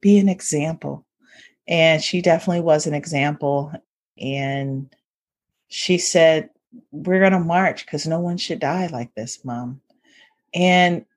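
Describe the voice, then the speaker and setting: A woman's voice: mid-range voice, darkish tone, breathy edge. A woman in her forties, a social worker and mother, telling a personal story with feeling and faith references.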